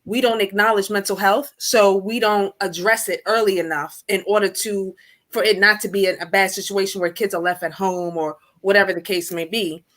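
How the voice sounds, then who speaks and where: Woman co-host, mid-pitched voice, earnest and conversational. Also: steady tone, moderate pace, a bit bright. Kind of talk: casual chat.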